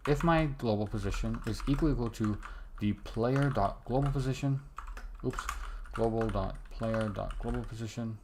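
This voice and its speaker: A man's voice: medium pitch, normal speed, background noise. A young man muttering to himself as he codes a game, cutting himself off mid-sentence, with keyboard clicks behind him. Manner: muttering to himself, self-interrupting. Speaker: game developer streaming his work. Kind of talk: casual live coding commentary. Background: keyboard typing and mouse clicks.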